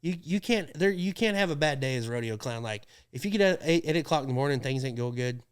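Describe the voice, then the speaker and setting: Talking fast in a smooth, medium-pitched voice, a man who works as a rodeo clown recounts stories during a laid-back podcast chat. He laughs frequently, stays animated, and acts out people's quotes.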